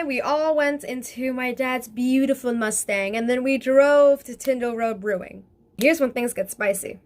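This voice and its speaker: A young woman telling a casual storytime vlog in a chatty, excitable way, full of fillers and swearing. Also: high voice. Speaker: vlogger.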